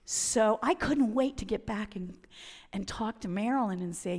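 A woman telling a humorous personal faith story, lively and self-mocking, acting out the voices of the people in it. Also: medium pitch, moderate pace. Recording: long hall reverb.

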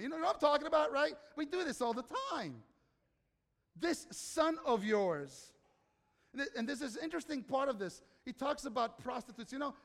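Brief: male pastor, high voice, chatty sermon that keeps asking the congregation questions, reverberant hall. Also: creaky, a bit bright. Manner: conversational, questions the audience, acts out quotes.

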